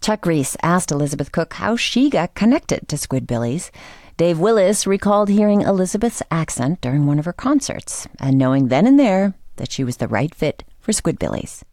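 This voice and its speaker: A woman hosting a radio show, delivering scripted lines smoothly and measured. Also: on the low side, big pitch swings, mellow, no room sound, clean studio sound. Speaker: radio host.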